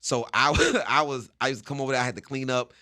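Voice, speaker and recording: A man's voice: medium pitch, fast talker, no room sound. A male comedian telling stories from his past as a guest in a studio interview, acting out the scenes. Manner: animated storyteller acting out scenes. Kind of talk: storytelling interview.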